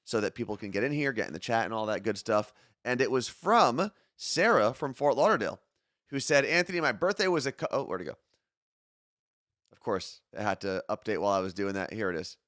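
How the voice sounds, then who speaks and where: A man's voice: on the low side, expressive, brisk, a bit bright, no echo, clean studio sound. Long Island man co-hosting a chatty stream. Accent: Long Island New York. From Long Island, New York. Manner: joking, chatty, reads chat comments aloud. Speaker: co-host of a live-streamed morning show. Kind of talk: casual chat, reading viewer messages.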